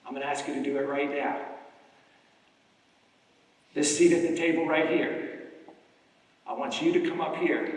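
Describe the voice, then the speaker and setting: A man's voice: fairly high pitch, fairly bright tone. A middle-aged man from New York City giving a rousing motivational stage speech, coaxing the crowd with repeated calls. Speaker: motivational speaker. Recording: echoey hall from far off, faint music.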